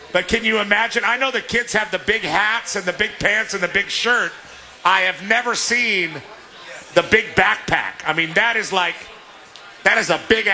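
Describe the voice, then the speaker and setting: A man's voice: high voice, sharp tone. A man from Southern California hosting a live sports radio remote from a restaurant, joking and often laughing. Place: restaurant, indoors public space.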